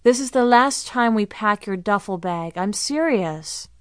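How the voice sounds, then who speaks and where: A woman's voice: mid-range voice, expressive, measured pace, clear, resonant tone, dry recording, studio quality, natural voice. A woman voicing a loving, weary mother who nags fondly and with mock drama, in an audiobook. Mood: fond nagging.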